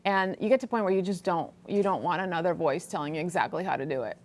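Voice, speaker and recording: A woman's voice: on the low side, fast talker. A woman in her thirties hosting a casual live-stream chat, speaking frankly and with jokes while reading viewers' comments aloud.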